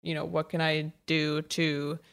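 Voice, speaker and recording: A woman co-hosting a podcast in casual chat, joking and self-deprecating with quick asides. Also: low voice, monotone, gravelly, clean tone. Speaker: podcast co-host. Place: remote call.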